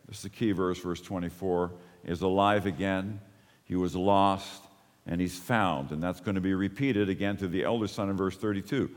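A pastor delivers a sermon, moving from lively emphasis down to soft, low, drawn-out lines. His voice rings with long hall reverb.

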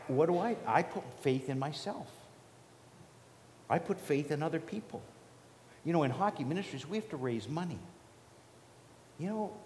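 A man's voice: a little high, a little mellow, slight background noise. A man preaching a sermon in an earnest, conversational way, with restarts and repeated questions. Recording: echoey hall reverb.

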